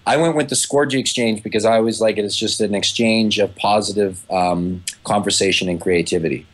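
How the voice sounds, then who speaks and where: Fast-talking animated man in podcast chat. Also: on the low side. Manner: animated storyteller, swears freely, acts out quoted voices. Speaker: podcast guest, filmmaker.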